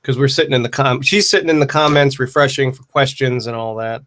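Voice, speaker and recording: A man's voice: mid-range voice, fast, fairly bright tone. A man hosting a casual livestream Q&A, talking in a rambling, profane and wry way. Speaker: livestream host answering viewer questions.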